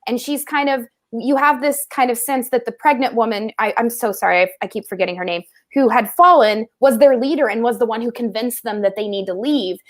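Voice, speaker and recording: This is a woman co-hosting a casual film discussion podcast. Her voice sits a little high, and she laughs easily and cracks wry jokes before turning earnest. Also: fairly quick, hardly any pauses. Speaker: co-host.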